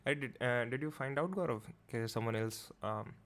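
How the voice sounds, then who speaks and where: A man hosting a livestream, chatting casually and switching between Hindi and in a rapid, offhand way. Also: mid-range voice, gravelly, fairly bright tone. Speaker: livestream host. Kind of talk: casual stream chat, mixing Hindi and English.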